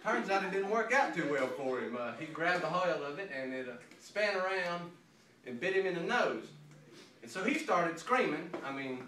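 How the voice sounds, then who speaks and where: This high-pitched man, speaking at a moderate pace, is an interviewee telling a comic anecdote casually and laughing all the way through it. He's animated. The room is echoey, the mic sits at a distance, and there's faint noise.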